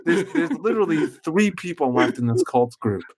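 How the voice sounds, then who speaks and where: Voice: medium pitch, very animated, normal speed, darkish tone. Casual, hesitant game master. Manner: casual, hesitant, with fillers and giggles. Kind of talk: narrating a tabletop game.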